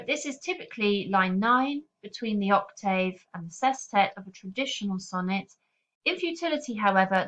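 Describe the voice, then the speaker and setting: Casting note: female teacher, clear steady explainer, mid pitch, slightly dull lo-fi audio. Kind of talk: recorded poetry lesson.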